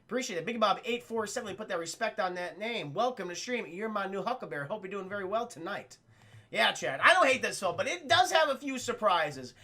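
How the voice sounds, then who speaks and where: Talking a little fast, a man whose voice is high and bright with a gravelly rasp chats with live stream viewers in a spoiler-filled film review. He curses liberally, stays highly animated, and reenacts scenes complete with exclamations.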